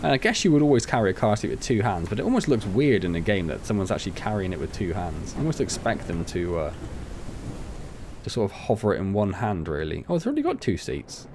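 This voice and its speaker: A young gaming channel host gives casual let's-play commentary while playing a farming game, rambling chattily and mocking himself. His voice is lowish with big pitch swings and a fast pace, and there's background noise.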